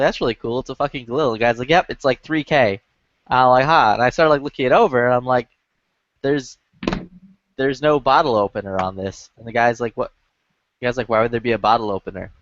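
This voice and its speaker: A man's voice: medium pitch, fairly quick, no room sound. Man, rambling profane storyteller, dry close sound, dull lo-fi voice chat. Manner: profane, rambling, many filler "like"s. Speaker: lobby chat regular.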